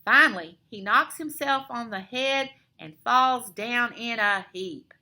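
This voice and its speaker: A woman teacher reads a picture book aloud, her voice bright and high with a very lively rise and fall. She takes her time, drawing out each line slowly for young listeners. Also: a little hiss or hum. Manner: expressive storytime narration. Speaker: elementary school teacher.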